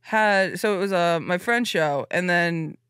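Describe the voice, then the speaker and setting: A woman's voice: on the low side, unhurried, fairly bright tone, clear, resonant tone, dry recording, clean studio sound. A young woman guesting on a podcast, telling stories animatedly, slipping into voices and laughing a lot. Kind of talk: casual chat.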